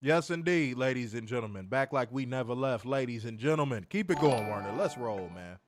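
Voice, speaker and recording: A man's voice: mid-range voice, animated, a little fast, soft background music. A man with a Chicago accent hosting a casual wrestling review show, ranting and swearing in heated bursts. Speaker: podcast host.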